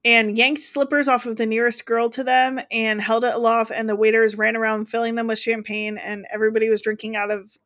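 A woman's voice: fairly high pitch, level tone, brisk, hardly any pauses, a bit bright. Chatty American woman podcast host. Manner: chatty, laughs often, reads quotes aloud. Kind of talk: casual podcast chat.

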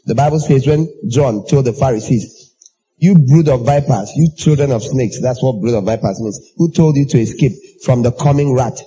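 A man preaching a sermon in an animated way, acting out everyday exchanges in raised voices. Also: normal speed, muffled recording, slight background noise. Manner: animated, acts out dialogue in high voices.

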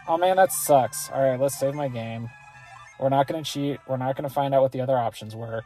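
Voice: mid-range voice, brisk, warm tone, faint music behind. A let's play gamer giving casual, rambling commentary on their gameplay and often correcting themselves. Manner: rambling, self-correcting, chatty.

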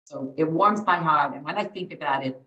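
Her voice low and sharp-toned, this middle-aged dating coach talks fairly quickly while sharing heartfelt stories on a podcast interview. She peppers her speech with Yiddish and Hebrew words, and the recording is echoey, distant, and dull, with a lo-fi quality.

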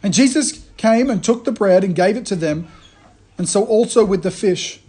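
A man giving a conversational sermon, retelling a story in a lively way and often restarting his phrases. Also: high voice, normal speed, breathy edge. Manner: animated storytelling, frequent restarts. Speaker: preacher.

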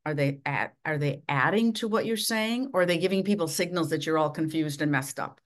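A middle-aged woman from Minnesota, a leadership coach giving measured, instructive advice as a podcast guest. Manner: measured, instructive, dramatic swings of pitch and volume. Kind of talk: podcast interview.

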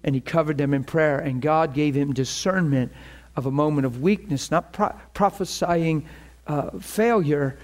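Higher-voiced man preaching fervently. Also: normal speed, darkish tone. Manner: fervent preaching with prayer, playful asides and laughter. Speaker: pastor. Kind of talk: sermon.

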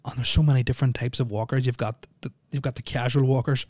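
A man's voice: mid-range voice, steady tone, quick pace, a little mellow, no echo. A man hosting a solo podcast, rambling with lots of ums and dry jokes. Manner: rambling, filler-heavy, joking. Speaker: podcast host. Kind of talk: casual solo podcast chat.

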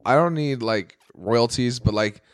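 A man's voice: medium pitch, measured pace, no room sound, clean studio sound. A young man co-hosting a podcast, riffing through crude comedy bits and acting out characters in his stories. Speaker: podcast co-host. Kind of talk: casual crude comedy banter.

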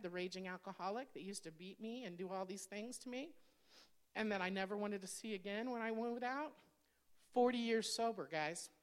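A woman in her fifties, a pastor, telling her personal testimony in a candid, conversational sermon that speaks straight to the congregation. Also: mid-range voice. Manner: candid, conversational, addresses audience directly.

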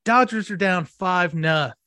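A man's voice: sits high, a little slow, pushed and bright, no echo, clean studio sound. A man co-hosting a casual sports podcast, gloating and swearing as he mocks rivals. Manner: gloating, profane, mocking. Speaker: podcast co-host.

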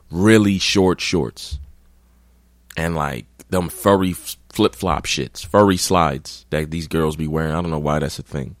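Low-voiced man telling a blunt story. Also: no room sound, clean studio sound. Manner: profane, blunt, rambling. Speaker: podcast host. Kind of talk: casual storytelling.

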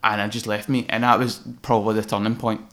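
A man's voice: fairly low pitch, quick pace. A Scottish man, a designer guest on a podcast, telling personal stories candidly and casually, swearing now and then. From Scotland. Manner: candid, swears freely, animated when reliving moments. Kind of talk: casual interview storytelling.

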